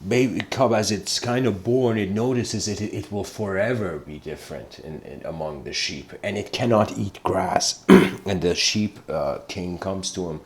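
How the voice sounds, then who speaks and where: A man giving a meandering, livestreamed philosophical lecture, often clearing his throat as he tells a story. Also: low voice, measured pace.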